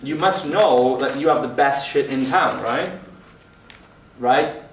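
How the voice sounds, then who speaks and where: A man's voice: mid-range voice, slow pace, slight background noise. A man leading a mastermind group for gym owners, talking in a brash and profane way. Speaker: fitness business mentor. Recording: roomy sound from a distant mic.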